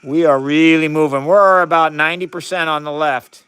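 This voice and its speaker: A man's voice: on the high side, fairly even intonation, normal speed, fairly bright tone, clean tone. A man on a live science stream, chatting casually as he runs experiments in a chemistry lab and greets viewers by name.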